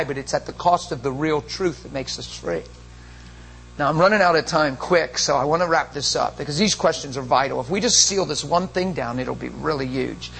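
A man's voice: a little high, gravelly, slightly rough, rough recording. Emphatic, emotional male preacher. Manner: emotional, emphatic, animated storyteller. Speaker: pastor. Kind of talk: sermon with storytelling.

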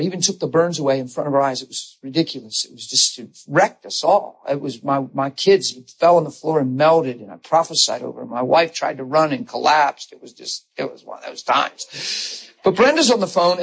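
Man, middle-aged, preacher, husky, fairly high voice, emotional sermon storytelling. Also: fairly quick, rough recording. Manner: emotional, animated storytelling with acted quotes. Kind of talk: sermon with personal stories.

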